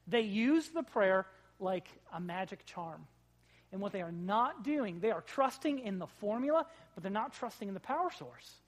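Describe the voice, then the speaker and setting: A pastor preaching a sermon in a conversational, joking way, swinging between loud emphasis and quiet asides. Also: mid-range voice, expressive, moderate pace. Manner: conversational, with jokes and acted-out quotes.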